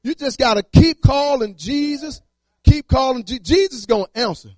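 Very high-voiced male preacher, dry sound. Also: normal speed, a little mellow, dry recording. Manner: repetitive, rhythmic preaching with colloquial speech. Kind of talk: sermon.

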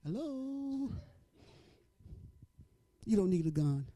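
A woman preaching a sermon, starting low and quiet and rising to shouted, sing-song lines with rhythmic repeats. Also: big pitch swings, extremely slow.

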